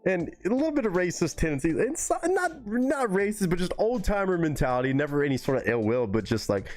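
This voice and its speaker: A man on a live stream telling a story in a relaxed, rambling way, swearing freely. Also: high voice, brisk, soft background music. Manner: relaxed, rambling and heavily profane.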